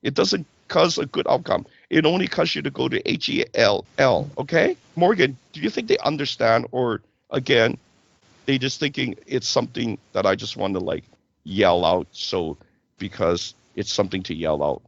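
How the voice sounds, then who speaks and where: A man's voice: mid-range voice, normal speed, gravelly, no room sound, highs cut off. A man hosting a casual spiritual talk show, preaching and checking in with "right?" and "okay?".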